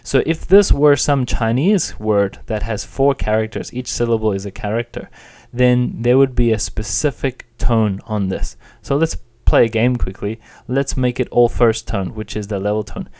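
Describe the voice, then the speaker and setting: A man's voice: mid-range voice, normal speed, warm tone. Man patiently explaining a language lesson. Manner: patient, plain explaining with demonstrated intonations. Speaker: Chinese teacher.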